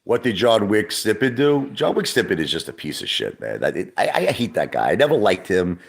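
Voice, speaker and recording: A man's voice: fairly low pitch, very animated, brisk, creaky. A middle-aged man from Brooklyn, rambling and swearing in a casual livestream chat, repeating himself as he talks. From Brooklyn, New York. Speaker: livestream host.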